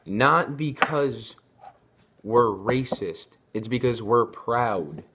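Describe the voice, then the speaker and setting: A man's voice: mid-range voice, animated, drawn-out words, background noise. A young man talking casually to camera, rambling and often restarting his sentences. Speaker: vlogger. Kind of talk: casual opinion talk.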